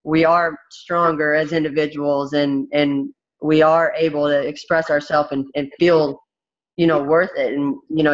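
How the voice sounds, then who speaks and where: Blunt, emphatic woman in a muffled recording. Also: deep voice. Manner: blunt, emphatic, rambling with many restarts. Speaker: interview guest, fighter. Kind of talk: candid interview talk.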